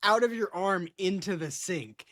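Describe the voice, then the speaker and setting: Animated joking man, dry podcast mic. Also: high voice, a little slow, no room sound. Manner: animated storyteller, acts out quoted people. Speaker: podcast co-host. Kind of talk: casual comedic chat.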